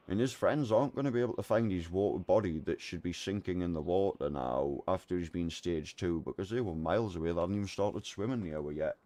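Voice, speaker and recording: Man, low voice, casual gaming chat, animated storyteller. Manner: animated storyteller, swears a lot, acts out voices in anecdotes. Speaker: streamer.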